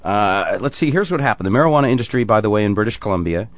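A man's voice: fairly low pitch, lively intonation, rapid-fire, dry recording, highs cut off. A man hosting a talk radio show, taking calls and cracking jokes. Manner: wisecracking, teasing.

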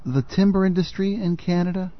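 A man's voice: high voice, brisk, muffled recording. A man co-hosting a talk radio show, joking and laughing along. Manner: joking, giggly. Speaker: radio co-host.

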